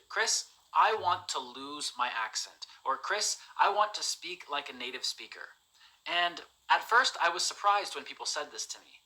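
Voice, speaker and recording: A man gives an English lesson in an emphatic, direct way, pressing the same point again and again. His voice is very bright and sits a little high for a man. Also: rough recording. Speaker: English teacher. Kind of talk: motivational teaching monologue.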